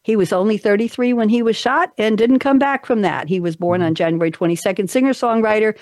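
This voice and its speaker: A woman hosting a talk show in casual chat, upbeat and chatty, reading out trivia with quick asides. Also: medium pitch, darkish tone, dry recording, clean studio sound.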